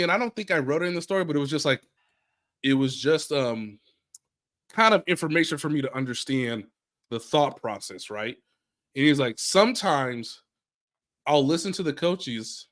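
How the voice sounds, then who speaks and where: An American man co-hosting a casual sports podcast, animated, repeating phrases and acting out players' quotes. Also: fairly high pitch. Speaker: sports reporter and podcast co-host.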